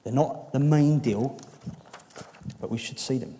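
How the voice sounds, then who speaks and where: A man preaching a sermon, earnest and emphatic at times, then dropping to quiet, intimate appeals. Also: mid-range voice, measured pace. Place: church hall. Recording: long reverb of a hall.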